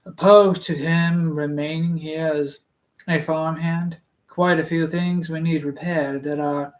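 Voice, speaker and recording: A reader voicing a calm, dry-witted farm owner with a measured, polite manner. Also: mid-range voice, lightly acted.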